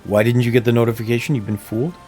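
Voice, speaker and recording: A man's voice: mid-range voice, steady tone, racing, a little mellow, faint music behind. A man casually chatting and rambling as he streams a video game from a room at home, laughing often. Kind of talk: casual livestream chat. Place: home room near plumbing. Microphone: desk microphone.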